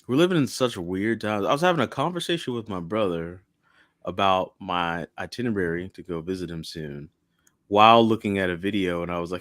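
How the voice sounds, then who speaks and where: Low-voiced guy hosting a podcast, jokey and offhand, dry sound. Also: moderate pace, a bit bright, dry recording. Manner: joking, offhand. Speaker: podcast host. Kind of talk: casual chat.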